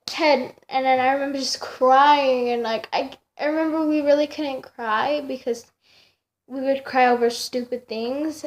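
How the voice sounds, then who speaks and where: A young woman with a high, light voice tells a story straight to her camera at home. She rambles and circles back, full of fillers and self-corrections. The feel is loose and chatty. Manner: rambling, many fillers and restarts. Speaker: vlogger. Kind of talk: casual storytelling.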